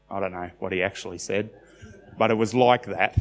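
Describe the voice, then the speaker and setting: A man's voice: fairly high pitch, animated, moderate pace. Male pastor, 40s, Australian accent, conversational sermon delivery, recorded in a reverberant hall. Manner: conversational, asks the congregation questions.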